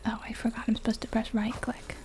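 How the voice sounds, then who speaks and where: A woman doing a whispered role-play as an ASMR gamer, chatting softly and giggling as she plays. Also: on the high side, monotone, quick pace. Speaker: ASMR game streamer.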